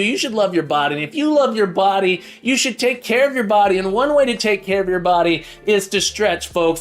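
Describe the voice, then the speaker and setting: A man's voice: high-pitched, fairly bright tone. A man hosting a live coding stream, cheerfully coaching his viewers through stretches. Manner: upbeat, playful coach leading stretches. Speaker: livestream host. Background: faint music.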